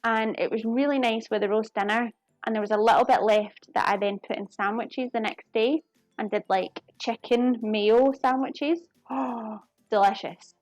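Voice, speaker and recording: A young woman with a strong Glasgow Scottish accent, talking to her live viewers as she cooks. Her voice sits a little high, and she chats in an easy, apologetic way. Faint music plays quietly behind her. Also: fairly even intonation, no echo. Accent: Glaswegian Scottish. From Scotland. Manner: chatty, apologetic, quick to laugh. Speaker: live cooking streamer. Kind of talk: casual live-stream chat while cooking.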